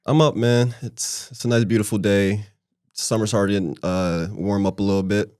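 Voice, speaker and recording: A man around thirty talks as a podcast guest in a fairly low voice, relaxed and joking. The sound is dry and close, with no room echo. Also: moderate pace. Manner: laid-back, joking, relaxed storytelling. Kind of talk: casual podcast chat.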